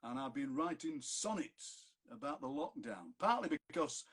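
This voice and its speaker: A man's voice: fairly high pitch, big pitch swings, moderate pace, vocal fry, a bit bright, husky. A man with a Yorkshire accent, a poet chatting and reading his sonnets aloud on a video call. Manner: chatty, jokey, reads verse aloud. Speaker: poet reading at an online fundraiser. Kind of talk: poetry reading with chat.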